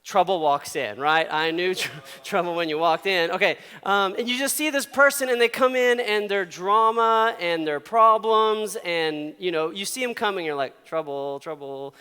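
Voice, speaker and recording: A man's voice: high-pitched, moderate pace, hardly any pauses, pushed and bright, clear, resonant tone. Chatty pastor man in an echoing hall. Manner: chatty, laughs often, acts out quotes. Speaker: youth pastor. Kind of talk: casual storytelling sermon.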